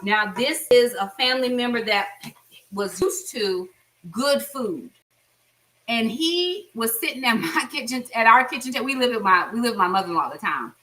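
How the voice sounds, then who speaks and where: A middle-aged American woman runs a casual cooking vlog from her home kitchen, chatting as she cooks and giving viewers frank, friendly tips. Her voice is a little high, expressive and a bit bright, at a moderate pace. She sounds somewhat far from the microphone.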